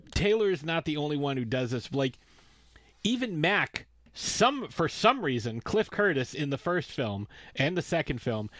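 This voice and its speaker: Sarcastic, ranting man, fairly high voice. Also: a bit bright, no room sound. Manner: ranting, sarcastic, swears freely. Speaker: podcast co-host. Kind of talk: casual chat.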